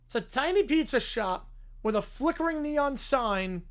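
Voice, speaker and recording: A woman narrating a playful comic story in a sarcastic, animated way. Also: sits high, a little slow. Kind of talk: playful comedic storytelling with character voices.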